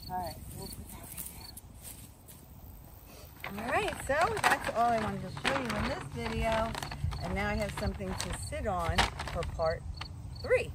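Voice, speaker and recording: A chatty, earnest woman talks while hiking through the woods, a little out of breath. Her voice has a middling pitch. Clear outdoor noise sits under the recording. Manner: chatty and earnest, self-described spiritual practitioner. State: out of breath from walking. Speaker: vlogger. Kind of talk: casual walking vlog.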